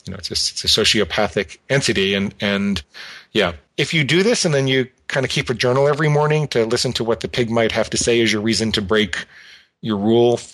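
A man guest calmly explaining an exercise step by step, sometimes acting out a tempting inner voice. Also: mid-range voice, fairly quick. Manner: calm, explanatory, acts out an inner voice. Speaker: guest expert. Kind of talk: instructional talk.

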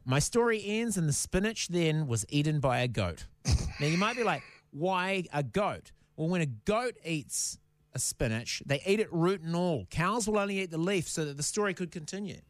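A man tells fun facts on a casual podcast in a playful, chatty way. His voice sits a little high and moves a lot in pitch. The sound is close and dry, with little room in it. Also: expressive, moderate pace, no echo. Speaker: podcast co-host presenting a fact segment. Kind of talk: casual chat.

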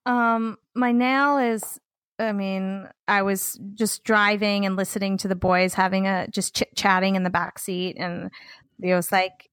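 A woman's voice: medium pitch, a little slow, no room sound. A woman in her thirties co-hosting a podcast, chatting casually and telling funny stories about her kids with frequent laughter. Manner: animated storyteller, laughs often. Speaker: podcast co-host. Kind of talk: casual chat.

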